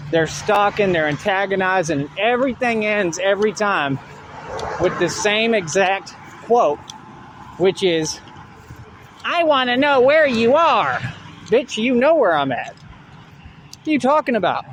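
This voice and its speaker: A man's voice: sits high, a little hiss or hum. A man ranting at his critics in a combative, profane, repetitive way while hosting his own online show. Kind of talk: ranting monologue.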